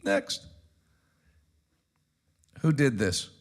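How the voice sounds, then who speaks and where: An American pastor hosting a casual news commentary show, tossing off wry quips between clips. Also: male voice, medium pitch, huge pitch swings, drawn-out words.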